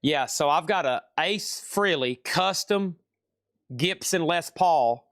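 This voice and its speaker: A man's voice: fairly high pitch, lively intonation, slow, a bit bright, no room sound, clean studio sound. Southern man running a live record sale. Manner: chatty, repeats prices and buyer names. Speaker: live-stream seller. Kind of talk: live sales stream.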